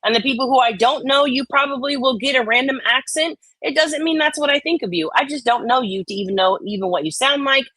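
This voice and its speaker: A woman's voice: high-pitched, fast talker, few pauses, pushed and bright, breathy edge, no room sound, poor audio. A woman hosting a casual livestream, reading online comments aloud in a laid-back way. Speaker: host.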